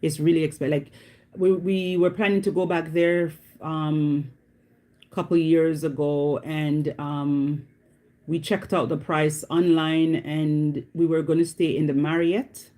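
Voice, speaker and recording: A woman's voice: low-pitched, little pitch movement, measured pace, dark tone. A woman chatting casually to camera as a vlogger, repeating herself and often checking in with the listener. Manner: chatty, repeats herself, often asks "you know what I mean".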